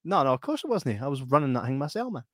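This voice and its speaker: A Scottish man with a medium-pitched voice talks at a quick pace, chatting casually and telling funny stories full of laughter and acted-out voices. He comes across as an animated, laughing storyteller. The recording is dry and studio quality.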